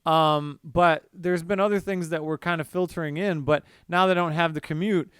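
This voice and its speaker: A man co-hosts a casual music podcast, rambling through his thoughts. His voice is slightly high and very clear. The sound is dry and close. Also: steady tone, normal speed, a bit bright, no room sound. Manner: rambling, many fillers and restarts. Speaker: podcast co-host.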